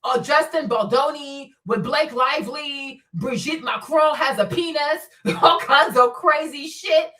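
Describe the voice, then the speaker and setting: Woman host, blunt sarcastic rant, profane, high voice, sounds a bit off-mic. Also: a little slow, few pauses, sharp tone, far from the mic, poor audio. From immigrant to the US. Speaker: commentary channel host. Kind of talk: casual opinion commentary.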